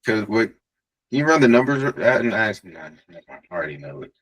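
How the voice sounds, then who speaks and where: Husky low-voiced man asking questions. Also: very animated, fairly quick, fairly bright tone, rough recording. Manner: casual, laughs easily, eager and asks follow-up questions. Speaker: community member asking questions. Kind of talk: casual Q&A chat.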